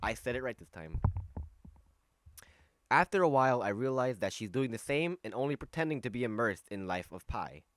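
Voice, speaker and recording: A man's voice: mid-range voice, expressive, normal speed, no room sound, clean studio sound. A man reading a visual novel aloud and commenting as he plays, self-mocking and often restarting lines. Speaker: let's play host. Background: game music.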